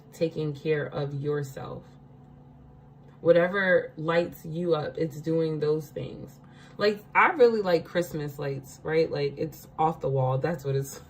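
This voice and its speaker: A woman's voice: sits low, darkish tone, slight background noise, rough recording. A woman giving a casual spiritual card reading, chatty, laughing often and checking in with her listeners.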